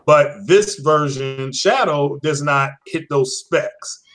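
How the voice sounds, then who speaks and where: A man's voice: on the high side, slow, a bit bright. A man hosting his own online show, chatting in an easygoing way and wrapping up with thanks to his guests. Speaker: show host. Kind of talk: casual chat.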